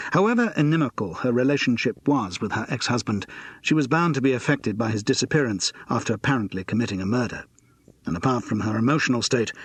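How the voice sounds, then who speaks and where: Male audiobook narrator, husky, measured, dry studio sound. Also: mid-range voice, no room sound. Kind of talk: scripted narration.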